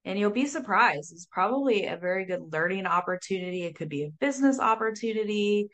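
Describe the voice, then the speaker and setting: A woman talking casually as a sober coach guest, lively, full of fillers and acted-out quotes. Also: mid-range voice, fairly quick. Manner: animated, says "like" often, acts out quotes. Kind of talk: casual interview talk.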